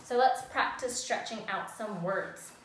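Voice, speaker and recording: A woman's voice: mid-range voice, unhurried, noisy background. A woman teaching young children how to write sentences, speaking in a patient, sing-song way. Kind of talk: recorded classroom lesson for young children. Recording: echoey room, voice from a distance.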